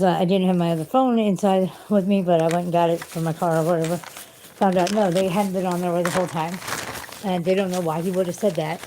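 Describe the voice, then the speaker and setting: Woman, low voice, rambling profane vent, car ride, road noise behind. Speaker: vlogger. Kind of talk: casual venting monologue.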